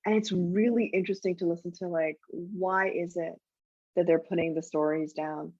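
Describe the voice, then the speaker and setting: Animated, laughing woman telling stories. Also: on the low side, normal speed, no room sound, lo-fi sound. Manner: animated, laughing anecdotal storytelling. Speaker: guest author. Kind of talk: casual interview chat.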